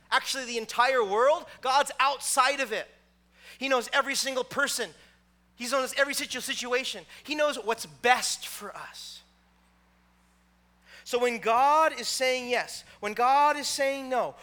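A man's voice: very high voice, bright, forceful tone. A man in his thirties, a pastor preaching a sermon in a loose, conversational storytelling way with lots of filler words.

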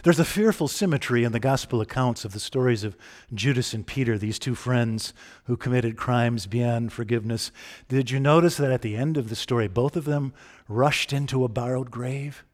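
A man's voice: mid-range voice, moderate pace. A man preaching a sermon in a conversational way, often asking the listeners direct questions.

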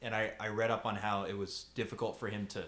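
A man co-hosting a casual movie podcast, chatty and quick to laugh. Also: fairly low pitch, flat delivery, fairly bright tone. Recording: echoey room.

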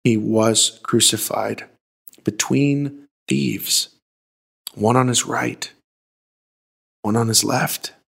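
A man, a pastor, retelling a Bible story as a sermon in a dramatic way, shifting between hushed and emphatic lines. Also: mid-range voice, steady tone, extremely slow, vocal fry, pauses often, husky.

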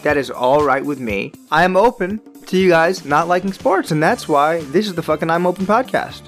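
A podcast host delivering an opinionated sports monologue in an emphatic, ranting way, with loud, high jumps on stressed words. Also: lively intonation, moderate pace, faint music behind.

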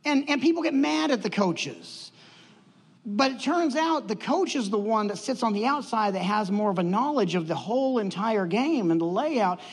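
Male preacher, high-pitched, storytelling sermon style, animated delivery, long hall echo. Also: moderate pace, slightly rough. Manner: animated storytelling, acts out quotes.

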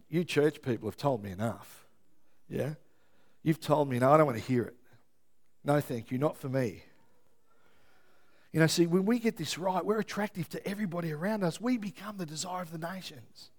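High-voiced male preacher. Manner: lively, keeps checking in with the congregation. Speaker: pastor. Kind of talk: sermon.

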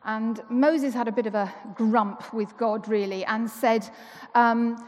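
A woman's voice: a little high, steady tone, slow, hardly any pauses, darkish tone. A woman giving a chatty, playful sermon to a congregation in church. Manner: chatty and playful, asks rhetorical questions. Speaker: church member giving the talk. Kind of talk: conversational sermon. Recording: long reverb of a church hall.

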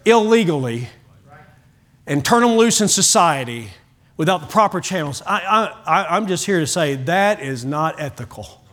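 A middle-aged man preaching a sermon to his church, telling animated stories and often repeating words as he starts a line. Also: on the high side, normal speed. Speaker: pastor.

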